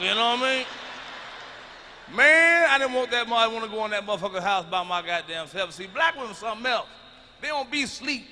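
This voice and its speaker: A man telling a profane story on stage as a stand-up comedian, loud and animated. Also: extremely high pitch, a little hiss or hum. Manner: loud, animated, swearing freely. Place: comedy stage before an audience. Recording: reverberant live hall recording.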